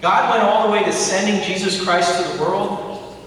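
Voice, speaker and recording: A young pastor's sermon comes through distant and echoey from the church sanctuary, with slight hiss or hum. High-pitched and a bit bright, he speaks at normal speed with fairly even intonation, weaving stories and playful remarks to the congregation.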